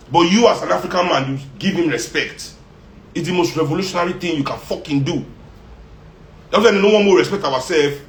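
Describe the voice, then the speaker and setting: Fiery Nigerian man, high voice. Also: moderate pace, gravelly, fairly bright tone. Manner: fiery, mixes in pidgin, laughs often. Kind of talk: impassioned monologue. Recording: roomy echo.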